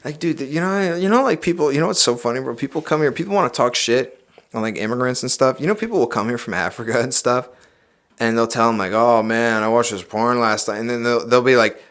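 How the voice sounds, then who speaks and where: A young man on a podcast, talking in a loud, preachy, emphatic way and swearing freely in casual chat. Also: mid-range voice, a little fast. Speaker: podcast guest.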